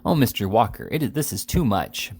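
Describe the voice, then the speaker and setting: A man's voice: on the low side, lively intonation, a little fast, a little mellow, slightly rough. A man reading as a fawning tearful schemer. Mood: gushing. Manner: gushing, pleading. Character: fawning, tearful male schemer, overly emotional.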